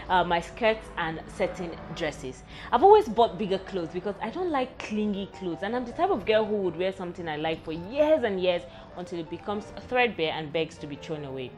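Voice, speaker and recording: A woman's voice: on the low side, a little mellow. A young woman, hosting a candid personal vlog in a frank, wry, self-mocking way. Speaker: vlog host.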